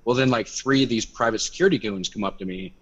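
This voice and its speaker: A young man telling a story in casual chat on a video call, animated and swearing, acting out quotes in a louder voice. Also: fairly low pitch, fast talker, breathy edge. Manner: animated, swearing, acts out quotes by raising his voice. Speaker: activist guest. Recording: dull lo-fi video call audio.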